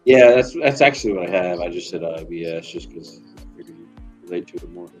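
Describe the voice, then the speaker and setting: Man, middle-aged, from Tennessee, very low voice, profane, rambling, casual chat, faint background music. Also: lively intonation, quick pace, muffled recording. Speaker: delivery driver streamer. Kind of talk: casual chat while driving.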